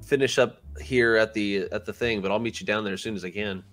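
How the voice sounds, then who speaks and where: A man playing a tabletop role-playing game, talking in a measured, hesitant way with many ums. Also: on the low side, fairly even intonation, fairly bright tone. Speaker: player. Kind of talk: casual tabletop role-play.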